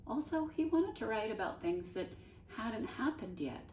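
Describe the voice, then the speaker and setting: A woman teacher reading a children's novel aloud in an expressive storybook manner. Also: fairly high pitch, moderate pace, a little hiss or hum. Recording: roomy sound from a distance.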